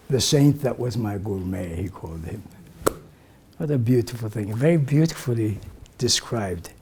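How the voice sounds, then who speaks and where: An older man recalling memories for a gathering in a slow, reflective way, his voice often sinking to a soft, breathy near-whisper. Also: on the low side, lively intonation, noisy background. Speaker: community elder sharing memories. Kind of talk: reminiscing talk to a gathering.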